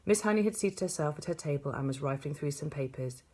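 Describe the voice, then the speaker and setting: A woman reading a children's novel aloud, steady and expressive. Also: deep voice, fast, husky. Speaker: audiobook reader. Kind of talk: storybook read-aloud.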